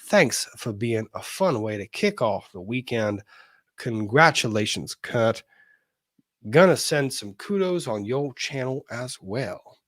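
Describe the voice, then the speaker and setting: A man's voice: mid-range voice, expressive, slow pace, no echo. A man hosting a live-streamed legal talk show, reading viewer messages aloud in a chatty, wry way with laughs and casual cursing.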